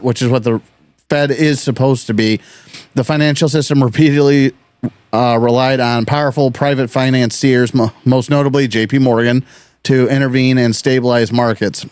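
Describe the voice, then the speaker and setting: A man's voice: medium pitch, moderate pace, darkish tone, smooth, no echo. A young man co-hosting a history podcast, chatting casually, swearing freely and reading from notes in stretches. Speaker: podcast co-host.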